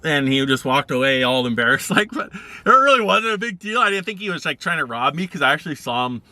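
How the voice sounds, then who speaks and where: A man's voice: big pitch swings, fairly quick, pushed and bright, dry recording. A man telling casual stories in a rambling, laid-back way on a vlog. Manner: rambling, laid-back, acts out quoted people in higher voices. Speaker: vlogger. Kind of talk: casual storytelling.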